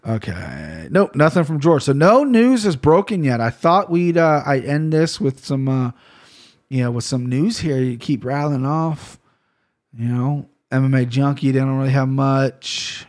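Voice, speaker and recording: A man talking to camera in a casual solo rant, rambling and cursing freely, with bursts of loud mock outrage. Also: medium pitch, animated, measured pace. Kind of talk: casual solo rant about gear and fight news.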